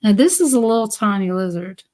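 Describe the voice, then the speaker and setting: A woman's voice: medium pitch, expressive, fairly quick, dark tone. Chatty woman telling stories. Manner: chatty, laughs often, acts out voices. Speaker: live stream host. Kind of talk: casual storytelling.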